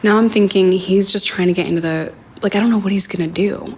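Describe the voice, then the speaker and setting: Livestreaming from her phone inside her home, a young woman with a medium-pitched voice recounts a personal story haltingly, using many fillers and occasionally sinking to a near whisper. Slight background noise can be heard.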